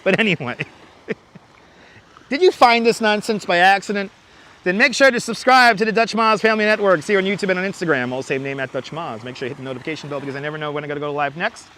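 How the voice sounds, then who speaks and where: Bright-voiced chatty livestream host outdoors. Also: male voice, sits high, quick pace. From New York City. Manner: chatty, rambling, reads chat aloud. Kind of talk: casual livestream chat. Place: outdoors by the water at night. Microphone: wireless clip-on mic.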